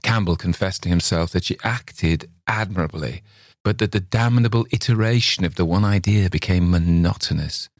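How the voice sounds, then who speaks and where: A man narrating a classic short story in a measured, steady reading voice. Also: low voice, dry recording, studio quality. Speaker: reader. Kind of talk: audiobook narration.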